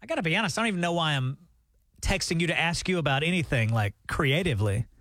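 A man co-hosting a morning radio show, joking in a deadpan, mock-serious way. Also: fairly high pitch, fast talker, no room sound, clean studio sound. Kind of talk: casual radio banter. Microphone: studio microphone.

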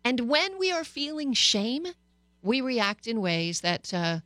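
Middle-aged woman, radio talk host, candid and personal, hesitant pauses, dry studio sound. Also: on the high side, very animated, pushed and bright, dry recording.

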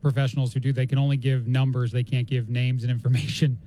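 A man's voice: mid-range voice, little pitch movement, fast talker, warm tone, poor audio. A man from New Jersey hosting a talk radio show from a home basement studio, rambling and chatty with lots of fillers. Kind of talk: casual talk radio chat.

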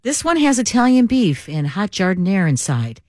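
Radio lady gushing about food, lively up and down voice, dry close mic. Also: mid-range voice, moderate pace, dry recording. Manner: enthusiastic, chatty, laughs easily. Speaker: radio co-host. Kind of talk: morning radio chat. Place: radio studio. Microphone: close studio mic.

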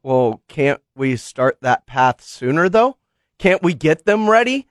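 A man's voice: on the high side, big pitch swings, slow, no room sound, clean studio sound. Teasing male sports radio co-host. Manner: teasing, asks pointed questions with a chuckle. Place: radio studio. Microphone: studio mic.

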